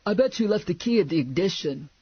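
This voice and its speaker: A woman puts on a simple-minded, eager man from an audiobook, talking earnestly and rambling on. The voice is a touch breathy and lively. It is a dull, dry studio recording. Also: sits high, fast talker, dry recording, voice pushed up. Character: dim, eager, chatty adult man sidekick.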